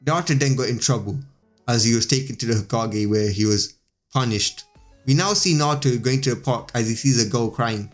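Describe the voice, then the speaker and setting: A man's voice: medium pitch, brisk, faint music behind. A man reading a fan story aloud in an unpolished way, with small slips, as host of his channel.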